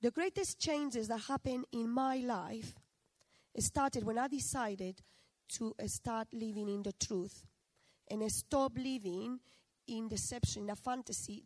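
A woman's voice: on the high side, darkish tone, dry recording, poor audio. Woman preaching in a chatty, questioning way. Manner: conversational, asks the audience questions often. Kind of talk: sermon.

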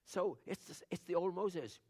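Older male preacher, gravelly voice, folksy storytelling sermon that swings from hushed to booming. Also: lively intonation, moderate pace. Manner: conversational, swings between hushed asides and loud emphatic declarations.

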